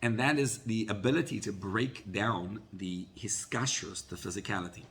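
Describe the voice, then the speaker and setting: A man teaching a Torah class as a rabbi, telling a story in an animated way and often repeating words. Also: on the low side, normal speed.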